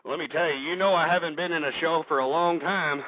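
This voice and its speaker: A man's voice: a little high, fairly even intonation, brisk, dry recording. A man hosting a talk radio show, ranting with hostility and swearing often, and getting out of breath. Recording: dull lo-fi radio broadcast.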